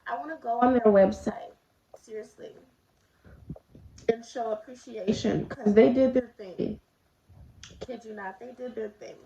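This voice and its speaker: A woman's voice: a little high, unhurried, pauses often, a crowd in the background. A woman vlogger telling a personal story in a casual, confiding way, talking straight to her viewers while eating. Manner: chatty, confiding, addresses viewers directly. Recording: roomy, slightly dull home recording.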